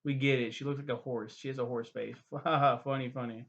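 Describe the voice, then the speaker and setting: A man's voice: mid-range voice, steady tone, fast talker, creaky, lo-fi sound. A young man giving a profane, rambling, sarcastic review, full of fillers. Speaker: web series reviewer. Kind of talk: casual ranting review.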